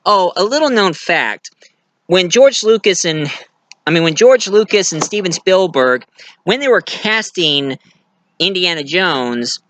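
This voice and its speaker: Male movie reviewer, chatty and rambling, bright voice, dry close sound. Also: on the high side, lively intonation, normal speed, dry recording. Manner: rambling, chatty, many restarts, laughs at own jokes. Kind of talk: casual film review monologue.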